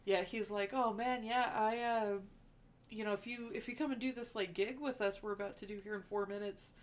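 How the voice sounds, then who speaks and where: A woman's voice: mid-range voice, steady tone, brisk. A woman casually chatting about a movie plot, chiming in with short agreements and picking up the recap. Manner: chimes in with short agreements and laughs. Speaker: podcast co-host.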